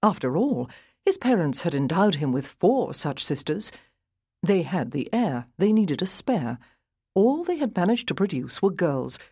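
A woman narrating an audiobook in an expressive, animated reading. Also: on the low side, husky, dry recording, studio quality. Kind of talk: scripted narration.

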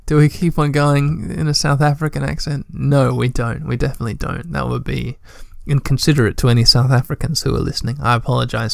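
Gravelly man reading a game aloud. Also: mid-range voice, dry recording, clean studio sound. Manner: chatty, joking asides. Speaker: let's play host.

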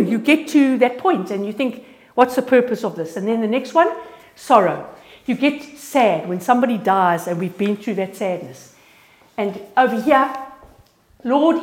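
A woman giving an informal, earnest sermon and personal testimony, lively and prone to restarting words. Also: on the high side. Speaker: speaker sharing a testimony. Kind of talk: informal church sermon with slides. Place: church gathering.

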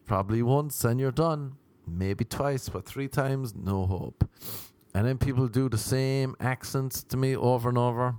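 An Irish comedian and podcast host, ranting in a rambling, sardonic casual chat. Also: male voice, mid-range voice, a little mellow, no room sound. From Ireland.

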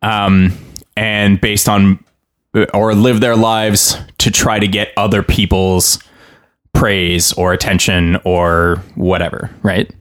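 A man's voice: low voice, level tone, slow, smooth. A man co-hosting a podcast who rambles reflectively in casual chat, with restarts and chuckles. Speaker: podcast co-host.

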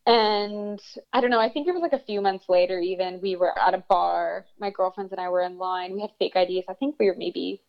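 A woman in her thirties telling a story in a casual interview, animated and swearing freely. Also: medium pitch, a little fast, vocal fry, hardly any pauses. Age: 30s. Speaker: guest storyteller. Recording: dull lo-fi sound.

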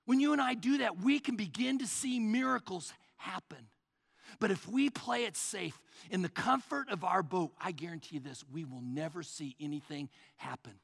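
A male pastor preaching a sermon, swinging between loud, rising passages and hushed, low asides. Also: normal speed, gravelly, in a large hall.

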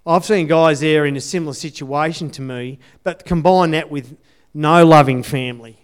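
A man's voice: a little high, normal speed, clear, resonant tone. A man giving a conversational sermon testimony in an earnest way, repeating his key phrases. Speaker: church speaker sharing testimony.

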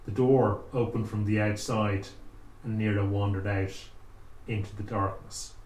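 A man telling a spooky folk tale aloud, with slow, dramatic pauses. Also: lowish voice, fairly even intonation, a little mellow. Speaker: storyteller. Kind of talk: oral storytelling. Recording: echoey room, faint ambience.

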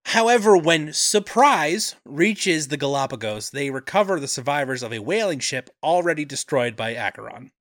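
Dude cohosting a movie podcast, deadpan jokes, lively pitch, dry close mic. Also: male voice, moderate pace, hardly any pauses, no room sound. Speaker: podcast co-host. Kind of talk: casual movie podcast chat and plot recap.

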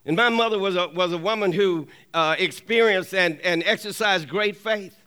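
A man preaches with a high, ringing voice that stays smooth and clear. He works the congregation with call-and-response, pressing for an amen. He drives his points home by saying them twice. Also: moderate pace, pushed and bright. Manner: repeats key lines for emphasis. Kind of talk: sermon.

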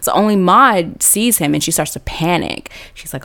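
A woman's voice: fairly low pitch, lively intonation, moderate pace, a bit bright. A woman host telling a comic story in a casual, slangy way, laughing often. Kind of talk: comedic storytelling.

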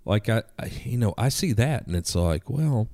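A man telling stories as a guest in a casual podcast conversation, profane and animated. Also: fairly low pitch, normal speed, dry recording, clean studio sound.

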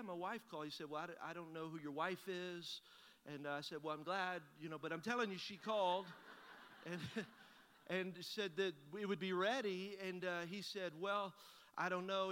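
Male pastor, bright and forceful, folksy storyteller in a reverberant hall. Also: sits high, clear, resonant tone. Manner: folksy storytelling, acting out both sides of a conversation. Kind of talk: sermon with a personal story.

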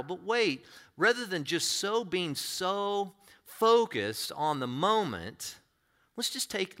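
A man preaching a sermon, moving from easy conversational talk to loud, impassioned preaching, often repeating and restarting words. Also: on the high side. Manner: repeats and restarts words, acts out quoted voices. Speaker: pastor.

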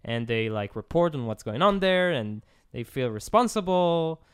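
A man's voice: medium pitch, sing-song, moderate pace, clear, resonant tone, dry recording. A man co-hosting a podcast in casual chat, making dry, wry remarks. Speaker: podcast co-host.

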